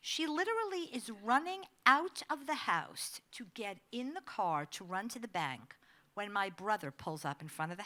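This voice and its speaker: A middle-aged woman giving a conversational presentation, an animated storyteller who laughs often. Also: medium pitch. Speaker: advocacy staff speaker.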